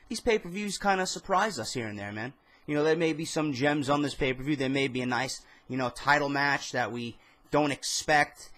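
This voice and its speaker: A young man with a New York accent, tired after a few beers, ranting casually and profanely to camera at home late at night about wrestling. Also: medium pitch. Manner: profane, animated, rambling. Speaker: wrestling vlogger. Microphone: camera mic.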